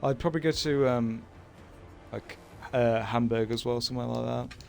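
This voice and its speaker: A man's voice: mid-range voice, fairly even intonation, normal speed, creaky, faint music behind. A young man with a British accent chatting casually while streaming a game, rambling and hesitant with many fillers and short laughs. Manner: laughs between remarks. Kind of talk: casual chat while gaming.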